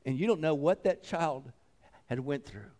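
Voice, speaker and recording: A pastor with a slightly high, expressive voice preaches at a normal pace. His sermon rises into loud, fervent passages and drops into reverent hushes, full of repeated phrases and exclamations of "come on."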